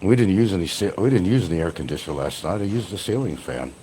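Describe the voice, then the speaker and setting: Deep and warm, his voice moves quickly with lively intonation, and a faint hiss or hum sits under the recording. He's an older retired livestream host in casual, rambling chat, profane and blunt, mocking people and laughing often.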